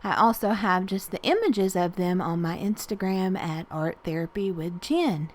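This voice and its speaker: A Southern woman from Tennessee chatting casually through a voice-over as she makes a collage art journal page, rambling with fillers and soft laughs. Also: lowish voice, normal speed. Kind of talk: casual voice-over narration while crafting.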